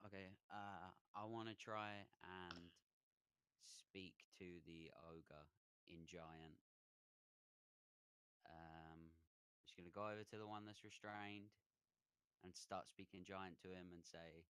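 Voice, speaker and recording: Man, low and clear, dry sound; tabletop player who hesitates and talks his moves through. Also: steady tone, slow, pauses often, fairly bright tone, dry recording. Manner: hesitant, thinking aloud with fillers. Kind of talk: tabletop game table talk.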